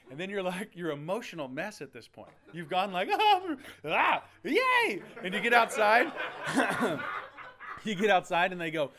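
A male pastor from Oklahoma, animated as he tells a story in his sermon and laughing now and then. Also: medium pitch.

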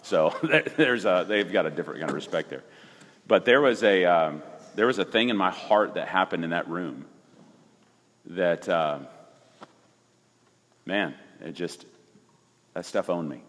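A man in his forties, a pastor, telling a personal story in casual conversation, animated and emphatic, often restarting his sentences. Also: low-pitched, unhurried, long pauses, big-room sound.

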